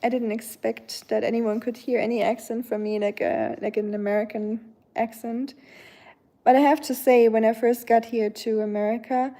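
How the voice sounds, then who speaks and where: A woman with a German accent, a native German speaker, chatting casually on a livestream at home, answering her chat in a rambling way with many pauses and talking to her dog now and then. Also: a little high, level tone, warm tone. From Germany, near the French border. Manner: chatty and rambling, often pausing on "um", breaking off to soothe her dog.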